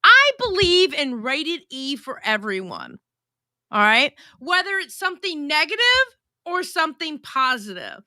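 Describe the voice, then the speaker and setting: A woman's voice: sits high, very animated, unhurried, bright, forceful tone, no echo, clean studio sound. A woman hosting a casual livestream, reading chat messages aloud and chatting in a blunt, profane, gossipy way.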